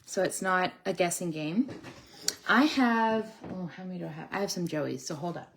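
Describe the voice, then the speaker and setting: A woman's voice: fairly low pitch, lively intonation, normal speed, creaky, fairly bright tone, slight background noise. A woman hosting a casual live stream from home, chatting with her viewers while she builds a pet toy. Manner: chatty, talks to her viewers and scolds her dogs. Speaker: sugar glider breeder and live stream host.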